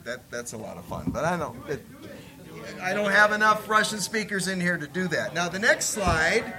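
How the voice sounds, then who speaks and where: A man's voice: high voice, fairly quick, music in the background. A man preaching as a missionary, folksy and joking as he tells stories from the pulpit. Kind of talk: sermon with stories.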